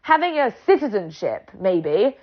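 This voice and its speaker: A woman's voice: medium pitch, very animated, measured pace, lo-fi sound. A woman with a British accent ranting bluntly and sarcastically in a vlog, swearing freely. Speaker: vlogger. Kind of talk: ranting monologue.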